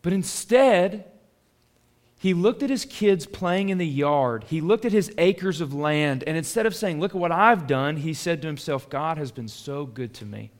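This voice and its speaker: A young adult man, a pastor preaching a conversational sermon that drops soft and swells loud. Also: a little high, lively intonation, normal speed.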